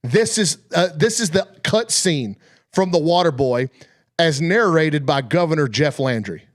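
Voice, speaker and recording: Energetic male sports talk host. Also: on the high side, measured pace, no room sound, clean studio sound. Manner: energetic, chatty, emphatic. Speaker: radio show host.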